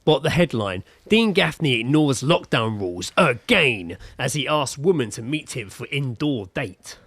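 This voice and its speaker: A man co-hosting a casual podcast over a video call. He tells stories with plenty of swearing and laughter. His voice sits at an ordinary pitch and sounds dry and close. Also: lively intonation, unhurried, a bit bright, no room sound. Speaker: podcast co-host.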